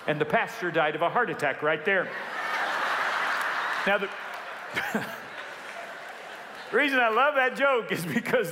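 A man preaching from the pulpit, his voice bright and forceful, swinging widely up and down in pitch. He tells stories and jokes with sudden excited climbs. His words ring out with a long reverb in a large hall. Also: a little slow, pauses often. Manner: animated, jokey storytelling with sudden rises in pitch. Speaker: pastor. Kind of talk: sermon.

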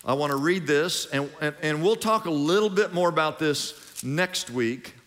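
A man's voice: fairly high pitch, animated, normal speed, a bit bright. A middle-aged man preaching a sermon as pastor, drawing lines out and leading the congregation in call-and-response. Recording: long hall reverb.

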